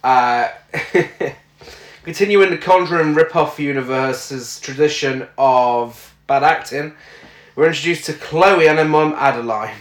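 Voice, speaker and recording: A British man riffs sarcastically through a casual film review, swearing freely. His voice sits a little high, and the room adds a noticeable echo. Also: measured pace. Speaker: podcast co-host. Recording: roomy echo.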